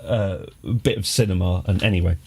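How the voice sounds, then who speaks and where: A man's voice: deep voice, fairly even intonation, a little fast, a little mellow, slightly rough. A man chatting casually on a live stream, rambling and wry, with many restarts. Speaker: game streamer.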